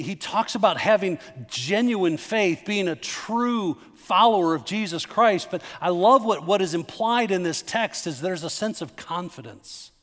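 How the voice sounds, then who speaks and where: A man's voice: high voice, fairly bright tone. A middle-aged male pastor preaching a sermon in a conversational, emphatic way, turning to the congregation with asides and questions. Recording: long hall reverb.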